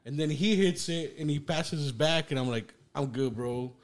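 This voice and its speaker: A man guest telling a wild personal story in a podcast studio, swearing freely and talking in a loose, animated way. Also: on the high side, normal speed. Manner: profane, animated anecdote with lots of "like". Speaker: guest musician. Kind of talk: casual storytelling.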